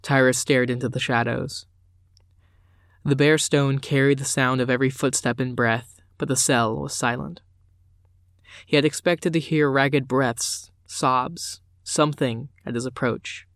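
A man narrating a dark fantasy audiobook in a measured, unhurried manner. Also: medium pitch, steady tone, no echo, clean studio sound.

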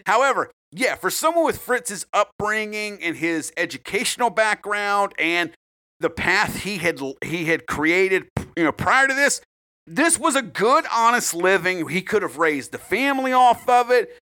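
A man with a high, bright, forward voice tells a dark story in loose, profane podcast chat. He jokes and rambles, a little tipsy, close on the mic in a dry, deadened room. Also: animated, a little slow, dry recording. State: tipsy from drinking. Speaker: podcast co-host. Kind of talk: casual true crime podcast chat.

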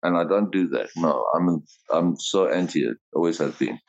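A man's voice: low-pitched, moderate pace, dull audio. A man, co-hosting a podcast in casual chat, rambling and heartfelt, with frequent laughs and restarts. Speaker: podcast co-host.

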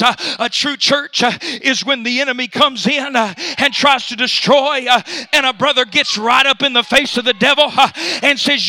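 A male pastor preaching a fiery sermon, shouting often and filling nearly every pause with "uh". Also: very high-pitched. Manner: fiery preaching with constant "uh" fillers.

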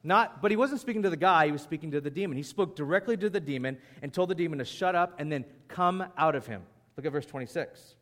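A male pastor preaching with a slightly raised pitch. He talks in a lively, conversational way, like he's chatting with the congregation rather than reading. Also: fast talker, few pauses. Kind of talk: sermon.

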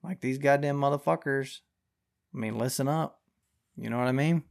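A man's voice: medium pitch, normal speed, gravelly. A young man hosting a podcast, ranting through the news with heavy swearing and slangy, drawling speech. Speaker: podcast host. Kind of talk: profane news commentary.

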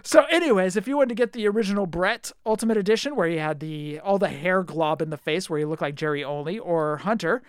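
A man's voice: sits high, fast talker, hardly any pauses, clean tone, no room sound, clean studio sound. A man co-hosting a podcast, chatting casually and teasingly about collectible figure news. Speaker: podcast co-host.

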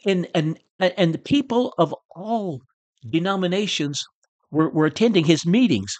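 A man's voice: high voice, animated, measured pace, darkish tone, no echo. Earnest man teaching church history. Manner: earnest, repeats words when emphatic. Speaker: host. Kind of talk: preacher-style history teaching.

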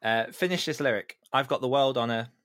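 A man hosting an interview, firing off quick questions and laughing often. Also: medium pitch, fairly bright tone, dry recording, clean studio sound. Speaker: interview host.

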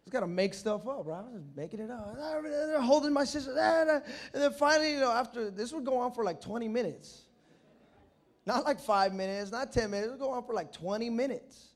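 A man preaching a sermon, telling childhood stories and acting out the voices with shouts. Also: very high voice, animated, fairly quick. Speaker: pastor. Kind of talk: sermon with storytelling. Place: church.

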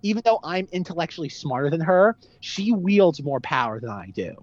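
A man's voice: on the high side, sing-song, fairly quick, dry recording, lo-fi sound. A man co-hosting a casual film podcast, emphatic and repeating his points with many fillers. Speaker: podcast co-host.

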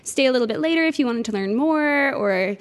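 This woman from Newfoundland, Canada, has a high, expressive voice and a brisk delivery. Middle-aged and organizing cooking classes, she gives conversational interview answers with enthusiasm and warmth, chatting freely and dropping in frequent "uh"s.

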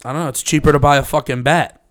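A man's voice: a little high, fairly even intonation, quick pace, a bit bright. A man chatting casually as a podcast co-host, swearing freely and laughing as he tells stories. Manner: profane, laughing, storytelling. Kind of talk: casual chat.

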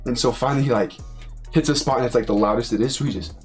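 Young guy from utah telling a story, lively, does the voices, laughs a lot, bit of music in back. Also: mid-range voice, very fast. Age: young adult. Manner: animated, acts out quoted voices, laughs often. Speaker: college football player, podcast co-host. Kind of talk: casual storytelling chat.

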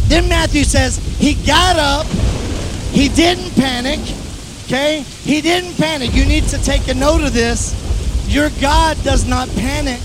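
A man preaching a sermon, telling a story with lively acted-out voices. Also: very high voice, background noise. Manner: animated storyteller, acts out the disciples' panic. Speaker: pastor.

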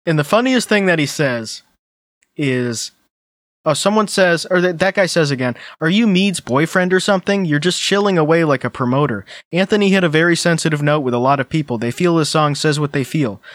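A man hosting a podcast in casual chat, reading online posts aloud with wry, deadpan asides. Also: a little high, fairly quick, no room sound, studio quality. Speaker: podcast host.

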